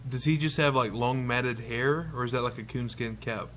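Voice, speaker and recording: A man's voice: medium pitch, fairly bright tone. Hesitant man in casual podcast chat. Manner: hesitant, halting starts. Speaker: podcast co-host.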